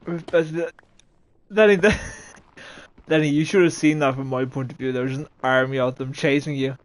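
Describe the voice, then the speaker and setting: A man's voice: on the high side, steady tone, moderate pace. A man streaming a game, chatting casually with friends and bursting into laughs and swearing. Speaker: livestream gamer. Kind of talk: casual gaming stream chat.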